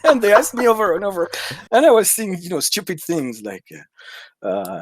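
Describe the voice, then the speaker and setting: A man's voice: sits high, sing-song, normal speed, fairly bright tone, dry recording. Hesitant French-accented man, dry sound. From France. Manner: hesitant, many restarts and laughs. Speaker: indie game developer. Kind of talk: casual interview chat.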